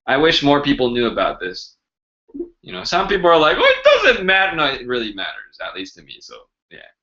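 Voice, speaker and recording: Lively, bright-voiced man teaching live. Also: medium pitch, fairly quick, highs cut off. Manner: chatty, joking, animated. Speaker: language teacher hosting a live Q&A. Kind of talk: casual live-stream lesson.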